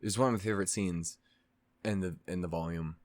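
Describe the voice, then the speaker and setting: A man's voice: sits low, fairly even intonation, fairly quick, darkish tone, no echo. A man hosting a reaction channel, casually recapping a show in a rambling way, with lots of fillers, restarts and swearing.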